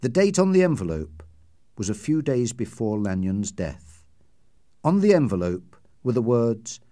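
A man narrates an audiobook in a clear, measured way. His pitch rises and falls widely from phrase to phrase. The recording is dry and close, with no room sound. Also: very animated, mellow, dry recording.

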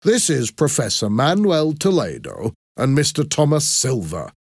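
A man reading an audiobook and voicing a calm, businesslike police detective. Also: mid-range voice, measured pace, slightly rough, no room sound, clean studio sound, voice pushed up, heavily acted. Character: firm, polite male police detective.

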